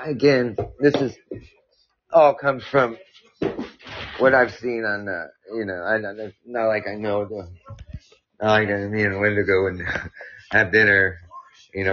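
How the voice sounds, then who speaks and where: A man's voice: fairly low pitch, a bit bright. Rambling man with a dull lo-fi sound. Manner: rambling, halting, many fillers and restarts. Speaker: podcast host. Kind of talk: casual podcast reading listener stories.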